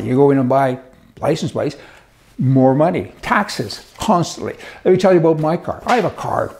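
A man's voice: a little high, vocal fry, darkish tone. A man delivering a casual, sarcastic, exasperated monologue with chuckling asides. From Canada. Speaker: commentator.

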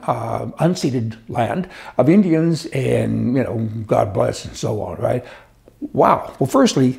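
A man's voice: a little high, gravelly, mellow. A man delivering a casual, sarcastic, exasperated monologue with chuckling asides. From Canada. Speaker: commentator.

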